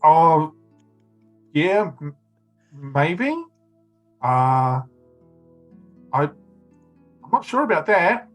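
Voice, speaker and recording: A man's voice: a little high, sing-song, very slow, long pauses, a bit bright, faint music behind, low-quality recording. A man running a tabletop game as game master, narrating in a rambling way full of fillers.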